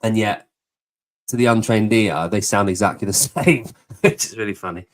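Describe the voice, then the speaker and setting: English male podcast host, lowish voice, loose chatty delivery with easy laughs. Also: moderate pace. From southeast England. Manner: chatty, laughs easily, swears casually. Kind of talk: casual chat.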